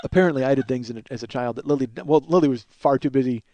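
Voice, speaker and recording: Racing along in a mellow, medium-pitched voice, a middle-aged Chicago-area podcast host delivers rambling, profane, self-mocking comic stories, acting out snippets of dialogue. The sound is lo-fi.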